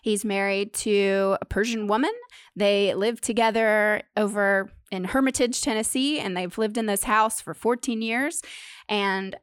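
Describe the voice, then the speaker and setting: A woman's voice: medium pitch, steady tone, measured pace, smooth, no room sound, studio quality. A woman co-hosting a comedy podcast in casual chat, telling a story, laughing often and trailing off and restarting. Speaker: podcast co-host.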